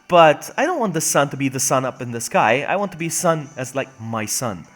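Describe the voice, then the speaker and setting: A young man chats through a video game stream, joking, laughing and reading the on-screen text aloud. His mid-pitched voice swings up and down a lot, and faint music plays underneath. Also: expressive, brisk, fairly bright tone. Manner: chatty, jokey, laughs often, reads game text aloud. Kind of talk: casual let's-play commentary. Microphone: phone.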